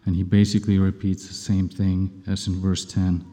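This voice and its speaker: A man's voice: sits low, completely flat delivery, moderate pace, mellow. A man preaching and reading scripture aloud, talking in a conversational, self-deprecating way to his congregation in a church. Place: church hall. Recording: long reverb of a large hall.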